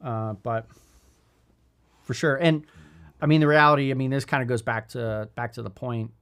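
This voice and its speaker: A man's voice: medium pitch, steady tone, moderate pace, a bit bright, clean tone. A man in his thirties co-hosting a leadership podcast, talking in a thoughtful, rambling way with many restarts. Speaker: podcast co-host. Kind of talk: casual leadership podcast chat.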